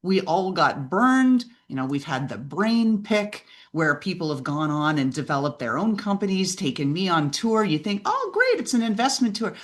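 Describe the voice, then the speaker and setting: A woman speaking as a podcast guest and business mentor, telling lively stories, acting out quoted voices and often asking "right?". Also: low voice, normal speed, few pauses. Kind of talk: animated interview conversation.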